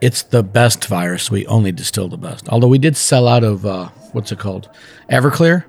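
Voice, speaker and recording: A man's voice: lowish voice, brisk, vocal fry, a little mellow. A man in his thirties joking animatedly in casual podcast chat.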